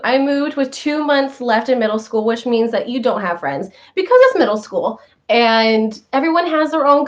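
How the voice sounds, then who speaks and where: A young woman hosting a casual talk show, chatting to viewers and telling animated stories with quoted voices. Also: fairly high pitch. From northern United States. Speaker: show host. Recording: slightly dull lo-fi sound.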